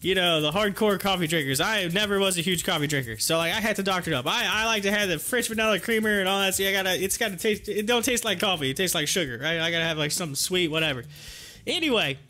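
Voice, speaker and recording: A livestream host tells a rambling, laugh-filled story in a high, bright voice. He grows animated at the funny parts, with faint music under him. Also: fast talker. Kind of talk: casual storytelling.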